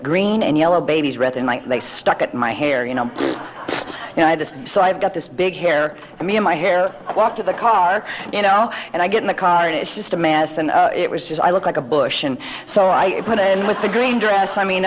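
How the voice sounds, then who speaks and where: A woman from the States speaks at a recovery meeting in a fairly low voice. She tells her life story in a chatty, rambling way, full of asides and light laughs. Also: rough recording. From United States. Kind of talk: personal recovery talk. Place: live meeting hall.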